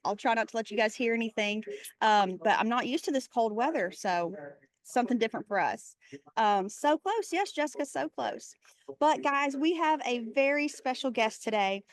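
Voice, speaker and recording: A woman's voice: on the high side, fairly quick, no room sound. Chatty Texan woman hosting a call. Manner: chatty, greets attendees by name. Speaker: webinar host. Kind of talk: casual video call hosting. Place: airport.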